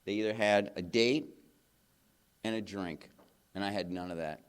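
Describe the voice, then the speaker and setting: At a recovery convention, a man shares his personal recovery story from the stage before a live audience. His voice is fairly low, clear and resonant, at a normal pace. He talks earnestly and rambles, dropping plenty of "man" and "you know."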